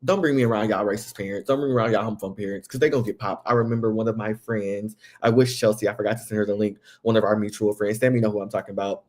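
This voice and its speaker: A young man hosts a casual reality TV recap. His voice sits on the low side, and he talks in a chatty, animated way, leaping up in pitch whenever he quotes someone. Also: very fast, few pauses. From Southeast Texas. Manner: chatty, animated, jumps to high acted quotes. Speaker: podcast host.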